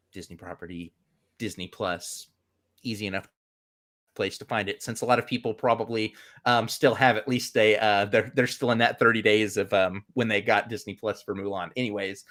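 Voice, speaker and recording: A man's voice: fairly low pitch, a bit bright. A man co-hosting a film review podcast over a video call, rambling with many fillers. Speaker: podcast co-host. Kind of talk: casual film review chat.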